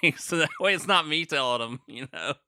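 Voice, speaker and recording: A man's voice: fairly high pitch, animated, fairly quick, pushed and bright, dry recording, clean studio sound. Rambling, self-deprecating podcast man. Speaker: podcast co-host. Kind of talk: casual chat.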